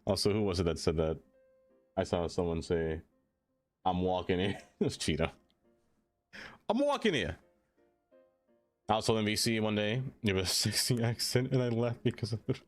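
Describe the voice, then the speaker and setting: A man's voice: on the low side, fairly even intonation, brisk, soft background music. A man streaming a city-building game, chatting loosely and answering his viewers in a rambling, self-deprecating way.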